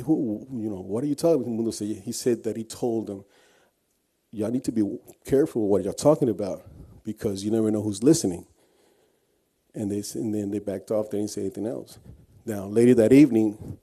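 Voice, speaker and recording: A man's voice: lowish voice, warm tone. A man giving an earnest personal testimony, telling his story with frequent restarts. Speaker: guest speaker.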